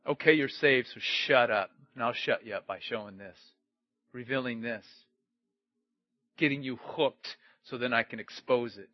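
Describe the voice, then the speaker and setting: A man preaching a sermon, shifting from loud outbursts to hushed, low-spoken warnings. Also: normal speed, no room sound, lo-fi sound. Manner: dramatic swings from loud to hushed. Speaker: pastor.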